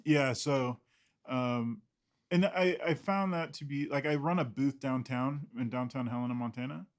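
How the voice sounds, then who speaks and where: A man's voice: mid-range voice, moderate pace. A man, an illustrator guest in an interview, talking casually in a rambling, self-deprecating way with frequent laughs.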